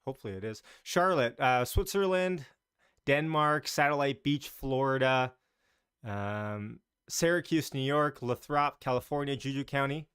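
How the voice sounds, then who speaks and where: Man, live stream host, casual market chat, chatty, mid-pitched voice, dry close sound. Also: measured pace, a bit bright, clean tone, dry recording. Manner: chatty, greets viewers by location; talks in loose, restarting sentences.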